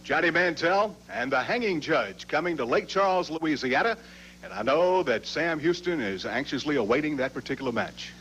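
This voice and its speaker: A man with a slightly high voice reads scripted announcements for a televised wrestling show. His delivery is the smooth, even style of a TV announcer. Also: normal speed, slight background noise, rough recording.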